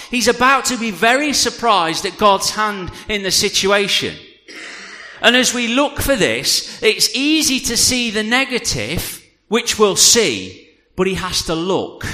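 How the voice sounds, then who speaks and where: Animated preacher man in a reverberant church. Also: high-pitched. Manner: jokey, animated asides to the congregation. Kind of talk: sermon with scripture reading. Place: church hall.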